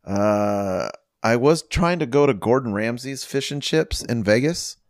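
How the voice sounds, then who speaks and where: Male podcast co-host, mid-pitched, rambling and filler-heavy, dry sound. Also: expressive, a little slow, no echo. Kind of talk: casual chat.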